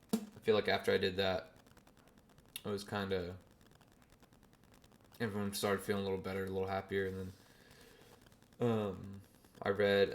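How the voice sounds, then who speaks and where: A man in his twenties, a podcast host telling a story in a casual, animated way, swearing and using slang freely. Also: sits low.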